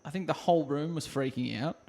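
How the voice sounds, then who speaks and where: A man's voice: fairly high pitch, fast, creaky, darkish tone. A man co-hosting a podcast, telling stories in a jokey way and acting out quotes with sound effects. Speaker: podcast co-host. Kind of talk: casual storytelling chat.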